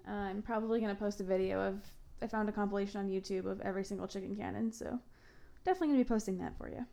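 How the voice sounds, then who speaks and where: A woman's voice: medium pitch, gravelly, warm tone. A woman, from Ontario, co-hosting a casual podcast. She switches between reading notes and chatting, laughs often, and fills her speech with "like" and self-corrections. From Ontario, Canada. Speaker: podcast co-host.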